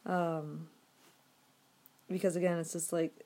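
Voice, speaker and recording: A woman's voice: lowish voice, level tone, slow, dark tone. A woman vlogging to her audience on a phone, rambling with many fillers and frequent swearing. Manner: frustrated, swearing, filler-heavy. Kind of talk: casual rambling to camera.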